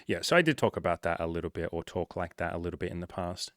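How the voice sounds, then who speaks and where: A man's voice: deep voice, quick pace, hardly any pauses, fairly bright tone, no echo, clean studio sound. A man talking as a life coach, giving casual motivational advice in a blunt, direct, often profane way.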